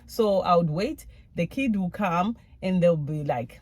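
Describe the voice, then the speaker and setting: Frank, husky-voiced mother. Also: fairly low pitch, expressive, a little slow, few pauses, darkish tone, no room sound. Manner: frank and self-critical, many fillers. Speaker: mother giving parenting advice. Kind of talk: casual personal talk.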